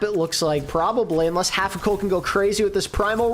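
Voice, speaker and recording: A woman co-streaming an esports match, reacting excitedly to big plays with casual internet slang. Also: medium pitch, fairly quick, few pauses, a little hiss or hum. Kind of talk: live esports co-stream commentary.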